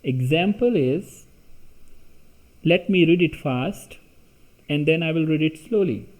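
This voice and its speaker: A man teaching French pronunciation, reading words and their meanings one at a time with long pauses. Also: fairly high pitch, expressive, a little mellow. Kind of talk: slow pronunciation lesson.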